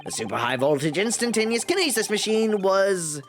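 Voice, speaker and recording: A man voicing a haughty male prosecutor, deliberate and formal in his delivery. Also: high-pitched, sing-song.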